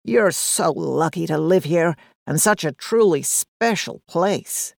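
A woman's voice: low voice, expressive, takes it slowly, vocal fry, a little mellow, no room sound, studio quality, heavily acted. A woman voicing a stout, friendly American male tourist with a drawling American accent, polite and upbeat.

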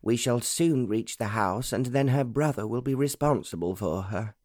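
A man's voice: mid-range voice, normal speed, a little mellow, no room sound, studio quality, natural voice. A man voicing an elderly, stern-faced female nurse and chaperone, dour and weary, in an audiobook. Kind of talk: audiobook narration.

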